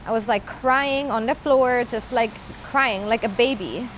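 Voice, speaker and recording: A woman telling her personal story in an earnest, halting way, often pausing with casual fillers. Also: fairly high pitch, a little hiss or hum, low-quality recording. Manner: earnest, halting, with many "like" and "you know" fillers. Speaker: interviewee sharing her story. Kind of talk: personal testimony.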